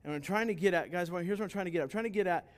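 A man's voice: high voice, rapid-fire. A man pastor preaching a sermon, earnest and emphatic, often asking rhetorical questions and answering them.

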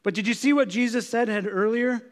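A man's voice: very high voice, fairly quick. A male pastor preaching an expository sermon in an earnest, emphatic manner, often asking his listeners rhetorical questions. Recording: long reverb of a large hall.

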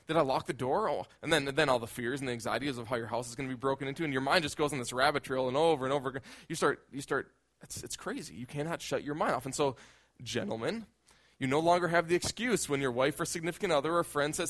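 A man's voice: mid-range voice, racing, a bit bright. A male pastor preaching a conversational sermon, often repeating words as he builds a point.

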